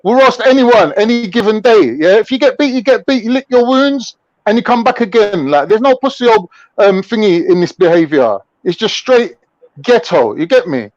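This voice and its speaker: A man fires off boastful, combative slang in casual online banter. His voice sits high. The sound is dry and a little dull. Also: animated, normal speed, a little mellow, no room sound. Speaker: show regular.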